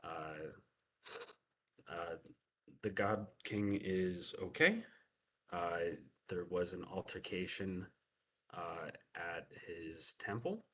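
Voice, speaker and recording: A man voicing a battered, stoic male warrior who talks down his own pain in a calm, understated way. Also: low voice, drawn-out words, pauses often, exaggerated voice. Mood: reassuring.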